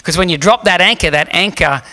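A man preaching a sermon, telling a story in an animated, humorous way. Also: sits high, fairly quick. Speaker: pastor.

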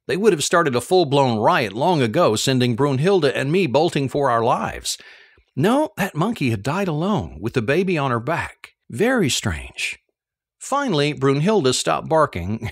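A man reading a first-person novel aloud, telling the story in an expressive, animated way. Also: medium pitch, no room sound, studio quality. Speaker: audiobook narrator.

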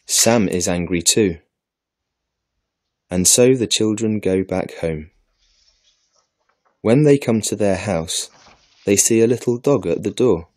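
A man reads a children's story for an English lesson, clear and deliberate. His voice is low and mellow and his pace is very slow. The recording is dry and close. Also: no room sound. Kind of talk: slow scripted storybook narration.

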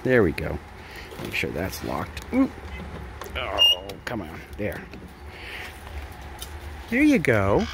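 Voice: sits low, sing-song, slow, vocal fry, pauses often, noisy background. A parrot sanctuary caretaker chatting casually to the birds in an outdoor aviary, with cooing, sing-song baby talk. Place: outdoor aviary under trees.

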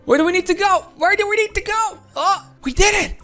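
A woman giving excited let's-play commentary, often shouting and constantly calling out to the viewers as guys. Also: extremely high pitch, brisk, music in the background. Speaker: gameplay commentator.

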